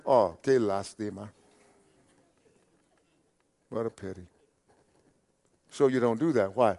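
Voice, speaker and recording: A man preaching a sermon, repeating key phrases emphatically, rising loud on scripture quotes and dropping soft at the ends of phrases. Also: a little high, expressive, slow pace, vocal fry, pauses often.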